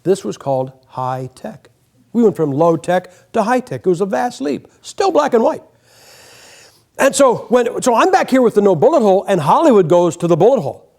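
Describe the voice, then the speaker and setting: A man's voice: sits high, lively intonation, normal speed, darkish tone. An older man preaching a folksy, joking sermon in a church, acting out quotes as he goes. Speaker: guest preacher. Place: church sanctuary.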